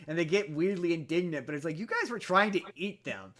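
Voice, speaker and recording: Man, podcast host, slightly high voice, casual rambling plot recap, lots of restarts. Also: fast, few pauses, a bit bright. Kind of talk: casual chat, retelling a film plot.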